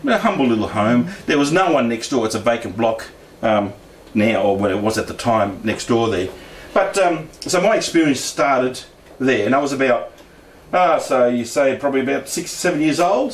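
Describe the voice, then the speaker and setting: A man at a mid-range pitch rambles through a personal story, circling back and restarting his sentences. He is picked up from some distance away in a roomy, echoing meeting room. A faint hum of background noise sits under his voice. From Brisbane, Australia. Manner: meandering, frequent restarts and asides. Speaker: guest speaker at a paranormal discussion group.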